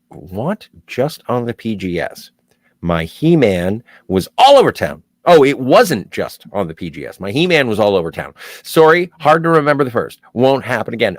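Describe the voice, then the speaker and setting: A man from Southern Ontario, Canada, hosts a casual livestream, reading viewer chat aloud and adding playful, jokey asides. His voice is lowish, with no echo.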